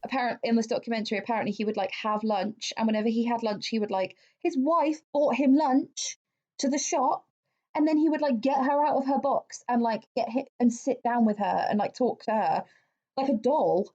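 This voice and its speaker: Fairly quick and steady in tone, a woman with a slightly high, a little mellow voice co-hosts a podcast. She recounts a true-crime case casually, cursing freely and using many fillers, on a dull lo-fi recording.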